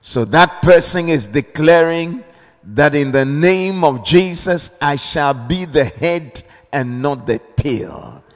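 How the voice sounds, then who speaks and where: Slow preacher in a reverberant hall. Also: male voice, fairly high pitch, animated, faint music behind. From Ghana. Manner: slow, deliberate, repeats key phrases, calls for amens. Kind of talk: sermon. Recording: long reverb of a large hall.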